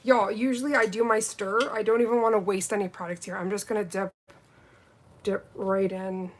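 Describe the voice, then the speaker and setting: A woman reviewing nail gels on a live stream, gushing and gasping with excitement and chatting to viewers. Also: medium pitch, moderate pace. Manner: gushing, gasping, breathy exclamations, greets viewers. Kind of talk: excited live unboxing chat.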